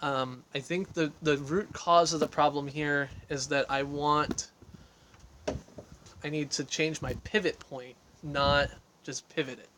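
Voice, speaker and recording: A man with a fairly high, bright voice speaks at a measured pace with fairly even intonation, slight background noise behind him. He's hosting a casual livestream from an outdoor deck into a phone on a selfie stick, rambling, poking fun at himself, and reading viewer questions aloud before answering them.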